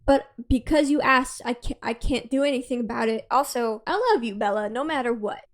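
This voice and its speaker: A woman voicing a smug, earnest young man, speaking slowly and self-satisfied. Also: a little high, lightly acted.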